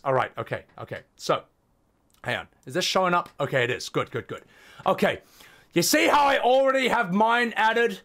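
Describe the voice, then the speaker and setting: A man giving a comedic, angry software tutorial, flipping between calm explaining and profane yelling at the viewer. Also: a little high. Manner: profane, mock-abusive toward viewer. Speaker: content creator.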